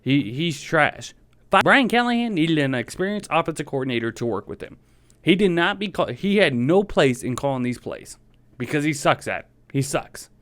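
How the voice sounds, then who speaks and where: A man's voice: a little high, sing-song, moderate pace, a bit bright. A man hosting a sports fan podcast, ranting in a heated, frustrated way and repeating his points. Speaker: podcast host.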